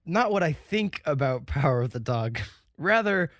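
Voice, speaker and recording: A man co-hosting a film podcast, excitable, laughing and rambling in casual chat. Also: on the high side, a little slow, dry recording, studio quality. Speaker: podcast co-host.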